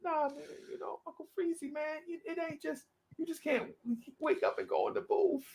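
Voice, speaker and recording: A man's voice: very high voice, moderate pace, vocal fry, a little hiss or hum, pitched above the performer's own voice. A man doing a mumbling laid-back young rapper. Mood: mumbling excuses. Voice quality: soft gritty mumble, grit at line ends. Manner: drawling, evasive.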